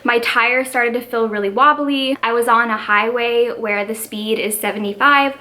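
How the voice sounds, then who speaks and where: A woman's voice: on the high side, steady tone, normal speed, sharp tone. A woman in her twenties chatting casually to camera as a book vlogger, rambling and peppering her talk with fillers. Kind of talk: casual vlog.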